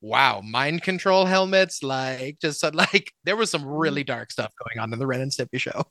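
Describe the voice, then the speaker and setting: A man with a bright, crisp voice co-hosts a podcast. He talks thoughtfully but hesitantly, with many fillers, and sounds dry and close to the mic. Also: mid-range voice, expressive, normal speed, no echo. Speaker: podcast co-host. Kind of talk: casual chat.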